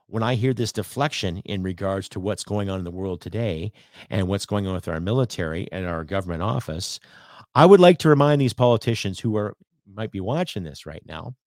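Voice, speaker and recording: A man's voice: fairly low pitch, dry recording, clean studio sound. Blunt, profane Canadian man ranting. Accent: Canadian English. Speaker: podcast host. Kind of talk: opinionated solo podcast monologue.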